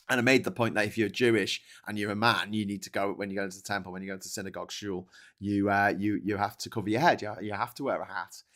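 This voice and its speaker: A man's voice: on the low side, fairly bright tone. A man hosting a livestream, chatting casually about politics and reading viewer comments, swearing often and restarting his sentences. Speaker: livestream host reading chat. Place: at home with a dog.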